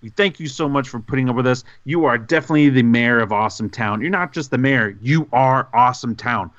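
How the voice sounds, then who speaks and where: A man co-hosts a gaming podcast in a loose, excitable way, piling on goofy, over-the-top praise. His voice sits at a middling pitch. The sound is dry and a little dull, with no room around it. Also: brisk, no room sound. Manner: excitable, goofy, hyperbolic rambling. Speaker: podcast co-host. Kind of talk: casual podcast chat.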